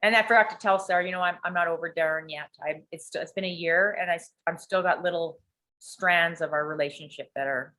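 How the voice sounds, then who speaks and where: A woman telling a candid family story in an animated way, swearing freely and acting out what people said. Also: on the low side, fairly quick. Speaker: coaching client sharing a story.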